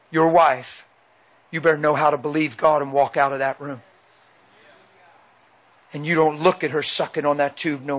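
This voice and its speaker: A middle-aged man preaching a sermon, telling a personal story with animated delivery and acted-out dialogue. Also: a little high. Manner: animated storytelling, acts out quotes. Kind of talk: sermon testimony.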